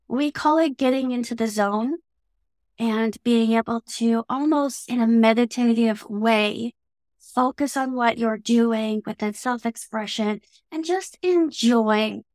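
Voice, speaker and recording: Canadian woman interview guest, fairly high voice, measured, reflective, dry close recording. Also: a little mellow, dry recording. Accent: Canadian English.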